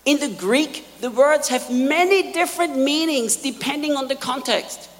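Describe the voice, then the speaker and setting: A man preaching a sermon in a large hall, emphatic, repeating key lines and swinging between quiet asides and loud peaks. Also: very high voice, lively intonation, normal speed. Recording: long hall reverb.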